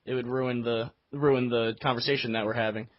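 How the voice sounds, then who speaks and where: A man's voice: medium pitch, fairly even intonation, a little fast, no echo. A man hosting a casual video game podcast, rambling with plenty of fillers. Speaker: podcast host. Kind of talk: casual chat. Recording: dull, dry lo-fi sound.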